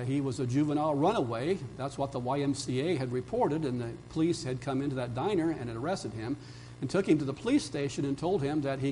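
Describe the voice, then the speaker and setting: Male pastor, fairly high voice, storytelling sermon that swings from emphatic peaks to hushed lines, faint hum behind. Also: low-quality recording. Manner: storytelling, rising to emphatic peaks then dropping soft.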